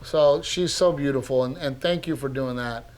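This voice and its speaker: A man co-hosting a podcast, telling stories in a casual, animated way that is full of laughs and swearing. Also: medium pitch, normal speed. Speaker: podcast co-host, comedian. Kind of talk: casual storytelling chat.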